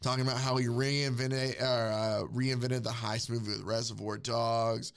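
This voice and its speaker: A man's voice: mid-range voice, level tone, moderate pace, vocal fry, clear, resonant tone. Man, casual podcast recap, rambling, quotes characters, voice wearing out. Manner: rambling, retells scenes with quoted lines. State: losing his voice. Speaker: podcast host recapping a comic. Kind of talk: casual chat.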